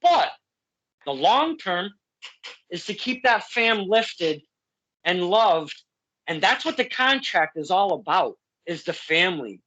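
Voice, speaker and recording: A man's voice: sits high, sing-song, slow, bright, forceful tone, highs cut off. A man hosting a casual interview, effusive and heartfelt, rambling with many restarts. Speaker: podcast host.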